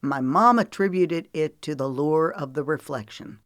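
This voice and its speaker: A woman's voice: low voice, normal speed, no room sound, clean studio sound, close to an everyday voice. A woman narrator voicing a weary, protective male friend in an audiobook, blunt and earnest. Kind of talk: audiobook character voice.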